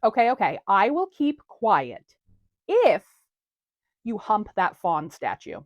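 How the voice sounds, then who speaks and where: A woman's voice: mid-range voice, wildly swooping pitch, slow pace, dry recording, lo-fi sound. A woman voicing a bawdy, teasing female ghost over a century old, in a comedic audio drama. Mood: gleeful. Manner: crude, teasing, mocking.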